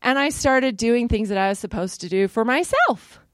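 A woman, middle-aged, sharing a personal testimony with an audience in a lively, self-mocking way, jumping into the voices of the people in her story. Her voice sits fairly high and is recorded dry and close, with no room echo. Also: moderate pace. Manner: lively, self-deprecating storytelling with animated quoted asides. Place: in front of a live audience.

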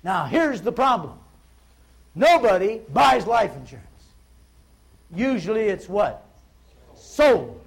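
A man with a notably high voice teaches a room of agents in a folksy, storytelling way. He builds up to emphatic points and keeps the talk plain and direct. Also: sing-song, takes it slowly, gravelly, pauses often, breathy edge, low-quality recording. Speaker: insurance sales trainer. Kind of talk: seminar talk.

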